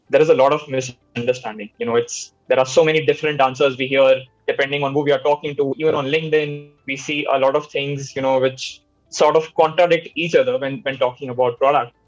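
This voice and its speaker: A man's voice: mid-range voice, highs cut off. A man moderating a panel discussion, hesitant and full of "you know" fillers.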